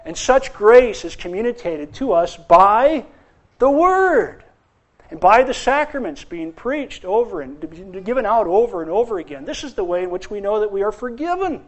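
A man with a high voice delivers a sermon in an emphatic preaching style. He repeats key phrases and builds them with rising force. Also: big pitch swings, normal speed. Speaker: pastor.

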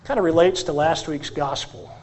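A man preaching a sermon as pastor, animated and asking the congregation questions. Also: fairly high pitch, moderate pace.

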